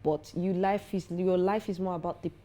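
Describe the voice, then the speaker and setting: A young woman speaks as an interview guest, earnest and self-assured. Her voice sits a little low and sounds mellow rather than bright. She talks with conviction and grows animated when she tells a story. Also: normal speed. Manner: earnest, confident, animated when telling stories. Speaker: foundation founder, guest. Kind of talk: interview conversation.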